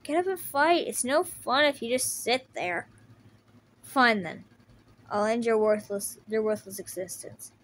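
A woman's voice: fairly high pitch, expressive, measured pace, slight background noise. Woman playing a cruel mocking villain. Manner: mocking, scornful. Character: cruel taunting male villain. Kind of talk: fan audio drama voice acting.

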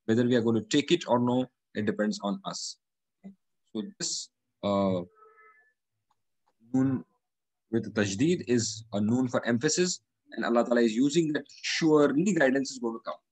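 Husky man teaching Quranic Arabic grammar. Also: mid-range voice, normal speed, long pauses, darkish tone, no room sound, poor audio. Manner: methodical, repeats each word and its meaning.

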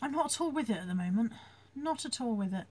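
A chatty British woman with a slightly raised pitch, talking casually into a phone. She reads out viewer comments one after another and laughs easily between them. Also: lively intonation, fast talker, a little mellow, breathy edge. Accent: British English. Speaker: online reseller hosting a live chat. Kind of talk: casual live-stream chat.

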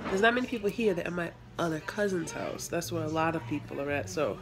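A congested young woman with a nagging cough chats to her viewers from a family holiday gathering at home, her voice swinging up and down with animated, teasing remarks aimed at the kids. Music plays in the background behind her. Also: low-pitched, fast talker. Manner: chatty, talks to viewers as "y'all", teasing the kids. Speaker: vlogger. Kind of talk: casual home vlog chat.

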